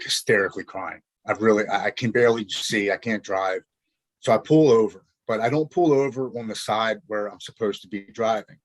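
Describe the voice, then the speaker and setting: A man in his forties telling his personal recovery story as a podcast guest, earnest and halting, often restarting his sentences. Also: lowish voice, no echo. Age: 40s. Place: Maryland.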